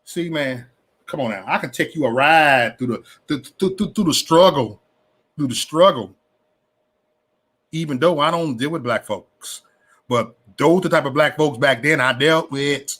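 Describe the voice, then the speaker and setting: A man hosts a casual livestream into a webcam or phone mic, ranting with slang and preacher-like repetition. His voice sits on the higher side, and he stumbles over restarts as he gets worked up. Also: measured pace, a bit bright, breathy edge. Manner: repeats words and stammers on restarts. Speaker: livestream host.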